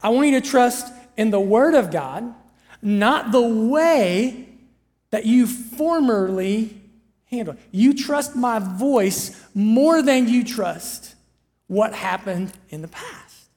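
God, a preacher doing a calm commanding voice. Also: medium pitch, slow, long reverb tail. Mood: earnest.

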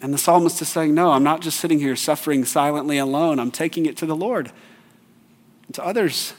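A man's voice: a little high, brisk, big-room sound. A man in his thirties preaching a sermon in a conversational way, weaving in personal stories. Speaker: pastor. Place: church.

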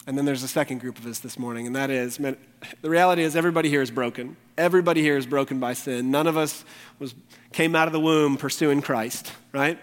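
A man's voice: medium pitch, fast talker. A male pastor preaching a morning sermon, speaking earnestly and pleading directly with his congregation. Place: church sanctuary during a morning service. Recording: long reverb of a large hall.

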